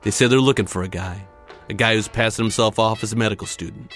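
A man's voice: lowish voice, fast talker, a bit bright, soft background music. A man telling a dramatic personal story in punchy, short clipped phrases.

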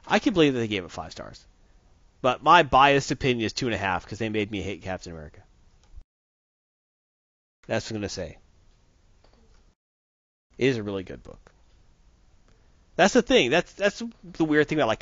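Animated, rambling male comic reviewer. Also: lowish voice, normal speed, pauses often, no echo. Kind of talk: casual podcast review chat. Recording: dull dry lo-fi recording.

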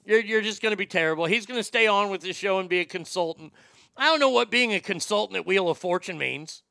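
A man hosting a talk show, telling a childhood story in a casual, wry and animated way, with some swearing. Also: sits high, quick pace, creaky, clear, resonant tone, no echo, studio quality.

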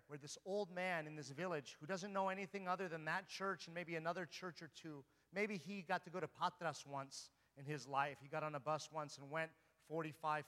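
A male priest delivers a sermon in a church, his voice bright and forceful and a little higher than most men's. He speaks earnestly and keeps turning to his listeners with rhetorical questions. A long reverb from the large hall trails behind every phrase. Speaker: Orthodox priest.

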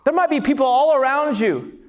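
A man preaching a sermon as pastor, passionate and building to shouts on key lines. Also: very high-pitched, expressive, fairly quick. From California.

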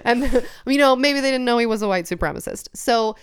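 A woman's voice: on the high side, fairly quick, clean tone. A woman hosting a casual true-crime podcast, reading researched notes aloud between chatty asides. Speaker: podcast host.

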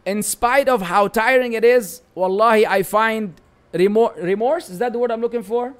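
Man, Lebanese Arabic accent, high voice, live Q&A teacher, animated, teasing. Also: moderate pace, clean tone. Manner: animated, bantering, frequent Arabic phrases, searches for words. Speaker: Islamic teacher answering viewer questions. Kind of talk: live-stream Q&A reading chat comments.

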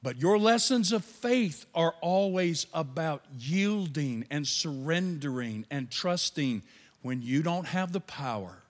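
A man preaching a sermon as pastor, animated, with quiet asides. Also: fairly high pitch. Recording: long reverb of a large hall.

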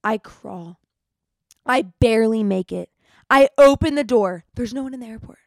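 A young woman hosting a podcast, telling stories in an animated, chatty way, with dramatic retellings. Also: on the high side, normal speed, creaky, dry recording. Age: young adult. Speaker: podcast host. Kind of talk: casual storytelling monologue.

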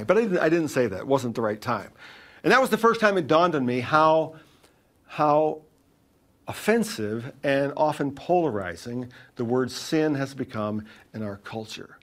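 A middle-aged man preaching a sermon in an earnest way, with dramatic pauses and shifts between loud and quiet. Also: mid-range voice, animated. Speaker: pastor.

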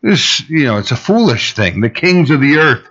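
A man preaching a conversational sermon, full of fillers and asides, rising in pitch when he stresses a point. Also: sing-song, normal speed, fairly bright tone, muffled recording. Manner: casual and rambling, heavy fillers, rises in pitch for emphasis. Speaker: pastor.

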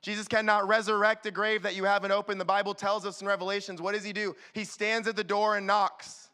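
A man preaching a sermon as youth pastor, animated and acting out quick little voices to the room. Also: high voice, clean tone. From California.

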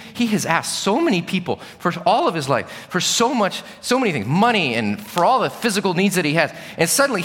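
A male preacher delivering a sermon, telling the story with energy and moving between hushed, slow lines and loud, raised ones. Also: fairly high pitch. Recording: long reverb of a large hall.

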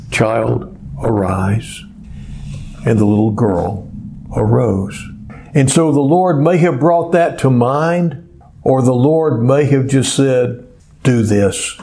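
A man preaching a sermon, telling stories slowly and deliberately, dropping low and soft to stress a point. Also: a little hiss or hum. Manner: slow, deliberate storytelling with pauses.

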